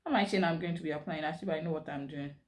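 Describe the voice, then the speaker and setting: A woman's voice: low-pitched, very fast. A woman from Nigeria chatting casually in a vlog, explaining slang while she does her makeup. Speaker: vlogger.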